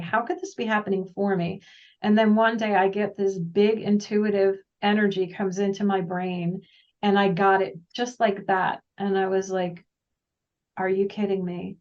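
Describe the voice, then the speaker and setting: A woman guest telling her story in a casual, rambling, animated way, often acting out the dialogue she quotes. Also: medium pitch. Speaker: guest, intuitive practitioner. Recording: distant, dull lo-fi sound.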